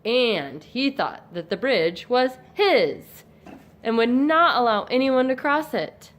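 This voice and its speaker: An adult woman narrating a fairy tale in a measured, expressive read-aloud style for a home family play. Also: a little high.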